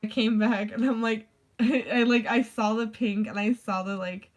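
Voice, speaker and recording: A woman's voice: on the high side, fairly even intonation, normal speed. A woman chatting casually in a vlog, rambling with lots of "like" and casual swearing. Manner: rambling, full of "like" fillers. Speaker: vlogger. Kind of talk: casual chat.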